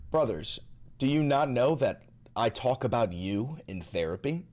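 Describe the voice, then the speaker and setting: A man's voice: mid-range voice, expressive, a little slow, a little mellow. A man hosting a casual livestream, reacting to news in a profane, sarcastic ranting manner. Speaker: live streamer and political commentator.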